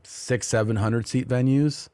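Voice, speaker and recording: A man's voice: mid-range voice, fairly even intonation, a little slow, warm tone, clear, resonant tone, dry recording, clean studio sound. A man co-hosting a comedy podcast, chatting casually and joking around. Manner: joking, playful, drops into mock English voices. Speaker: podcast co-host.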